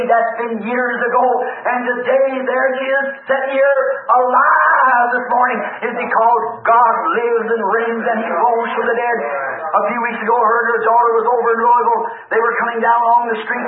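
A preacher tells a folksy, animated sermon, acting out each voice in his stories. His voice sits high for a man. It comes through a thin, tinny old recording full of church echo. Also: a little hiss or hum. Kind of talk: storytelling sermon.

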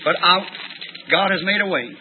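A man preaching a sermon, telling folksy stories and breaking into shouted praise. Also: sits high, moderate pace. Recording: tinny lo-fi tape recording with faint hiss.

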